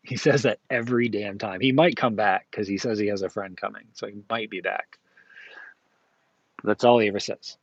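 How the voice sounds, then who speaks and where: A streamer selling at a flea market chats casually on a live stream from his stall, rambling with many fillers and self-corrections. His voice is fairly low, creaky, and breathy-edged, with fairly even intonation and a moderate pace. The audio is dull, with no echo.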